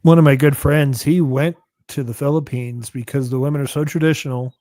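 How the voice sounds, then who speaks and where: Hesitant mid-pitched man on a panel. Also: fairly even intonation, brisk, mellow, dry recording. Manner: hesitant, musing with fillers. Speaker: panel guest. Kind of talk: casual livestream chat.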